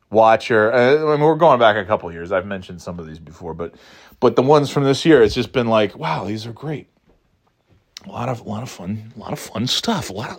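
Rambling, profane male movie podcaster. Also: fairly low pitch. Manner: rambling and profane, acting out scenes with mocking voices. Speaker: podcast host. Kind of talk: casual movie chat.

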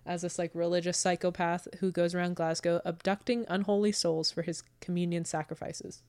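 A woman's voice: lowish voice, flat delivery, brisk, a little mellow, clear, resonant tone, no room sound. A young woman co-hosting a podcast in a casual chat, reading out research notes and laughing often. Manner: laughs often, reads quotes aloud. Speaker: podcast co-host.

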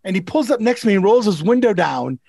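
Brief: man, podcast co-host, high raspy voice, laughs and stumbles through stories. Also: very animated, fast, a little mellow, no room sound. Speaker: co-host, rideshare driver. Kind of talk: casual chat, storytelling.

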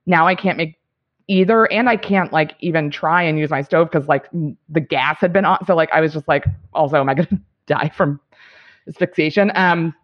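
A woman's voice: low-pitched, normal speed. Woman comic rambling through a story. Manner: rambling storytelling, laughing between thoughts. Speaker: guest comedian. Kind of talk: casual podcast chat. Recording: dull lo-fi sound.

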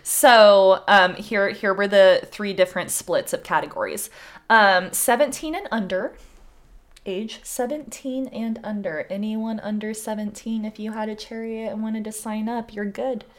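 A woman's voice: mid-range voice, fairly even intonation, measured pace. A young woman co-hosting a podcast, telling a history story in casual, chatty talk and swearing freely. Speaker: podcast co-host.

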